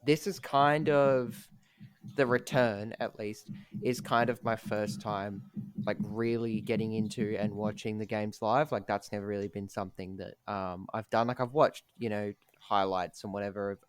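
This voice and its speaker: A man's voice: on the low side, steady tone, measured pace, clean tone, no room sound. A young man co-hosting a podcast, talking in a laid-back, self-deprecating way full of ums. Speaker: podcast co-host. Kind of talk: casual chat.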